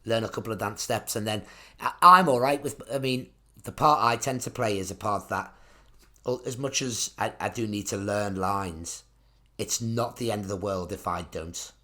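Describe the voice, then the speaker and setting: A man's voice: on the low side, moderate pace, sharp tone. A man, co-hosting a casual comedy podcast, rambling and laughing at his own jokes. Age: 30s. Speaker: podcast co-host.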